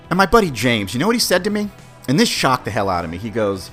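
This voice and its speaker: Podcast guy ranting about a bad date, voice jumps all over, swears a lot, faint music behind. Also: fast. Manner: animated, profane, addresses listeners as guys; swings from shouted disbelief to low mutters. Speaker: podcast host. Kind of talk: casual storytelling monologue.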